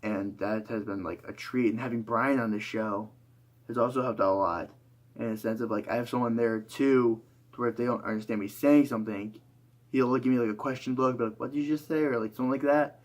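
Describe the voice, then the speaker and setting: A man's voice: mid-range voice, fairly even intonation, fairly quick. A tired young man talking through a rambling, reflective monologue, full of fillers and restarts. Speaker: YouTuber.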